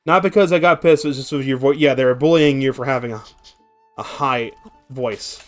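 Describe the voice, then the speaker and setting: A man's voice: mid-range voice, brisk, soft background music. A young man streaming a game, telling long rambling stories with lots of swearing and filler. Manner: rambling, profane, animated storytelling. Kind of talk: casual gameplay chat and storytelling.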